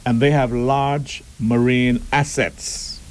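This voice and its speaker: A man giving a deliberate, emphatic public address and asking rhetorical questions. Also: mid-range voice, level tone, rough recording. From Turks and Caicos Islands.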